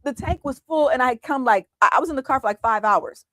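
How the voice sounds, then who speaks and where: A woman's voice: high voice, expressive, quick pace, sharp tone, no room sound. A middle-aged woman from the United States, a business owner giving an interview and retelling her past dramatically, with frequent restarts. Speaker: guest entrepreneur. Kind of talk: candid interview storytelling.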